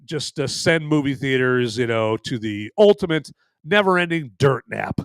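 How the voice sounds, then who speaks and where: A man's voice: medium pitch, animated, normal speed, clean tone, no echo, clean studio sound. A man hosting a live movie podcast, chatting casually in a rambling, jokey way. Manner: rambling and jokey, tacks on "right there". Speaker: podcast host.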